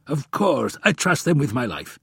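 A man's voice: medium pitch, sing-song, moderate pace, gravelly, fairly bright tone, husky, dry recording, studio quality, voice pushed up, heavily acted. A man voicing a confident, naive adult prince in an audiobook, raising his voice above his own narration. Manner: confident, self-assured.

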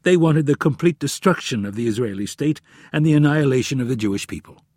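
Husky-voiced male audiobook narrator. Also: medium pitch, lively intonation, quick pace, a little mellow, no room sound. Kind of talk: scripted narration.

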